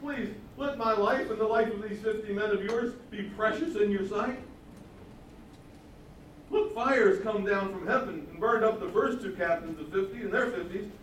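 A frightened army captain kneels and begs for mercy in a raised, strained plea, as a preacher acts him out. The voice sits fairly high and rings through a very echoey hall, heard from a distance with faint background noise. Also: male voice, normal speed, natural voice. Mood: pleading. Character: frightened male army captain begging for his life.

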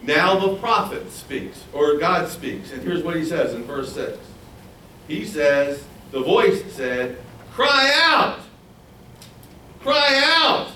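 A man preaching a Bible sermon, animated and acting out the quoted voices. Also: slow pace, a little hiss or hum. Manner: animated, acts out quoted voices in a higher pitch. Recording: echoey room, voice from far off.

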